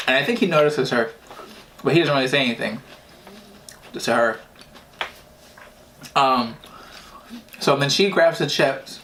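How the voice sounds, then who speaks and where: A man's voice: medium pitch, fairly bright tone, slight background noise. Chatty man telling stories over a meal. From New Jersey. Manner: chatty, laughs often, eating while talking. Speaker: vlogger. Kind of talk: casual storytelling during a mukbang.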